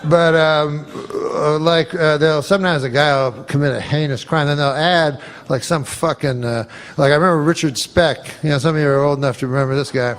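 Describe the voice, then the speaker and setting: A male comedian telling a rambling, profane story in a deadpan way, with many fillers. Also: fairly high pitch, a little fast, hardly any pauses. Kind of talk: stand-up style storytelling.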